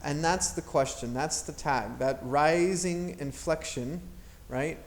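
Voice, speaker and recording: A man's voice: a little high, slow pace. A man teaching an English grammar lesson, explaining patiently and modeling intonation aloud.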